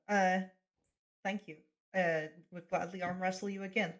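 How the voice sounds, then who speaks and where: A player in a tabletop role-playing game, making playful, quick quips. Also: medium pitch, little pitch movement, a bit bright. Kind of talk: casual tabletop game play.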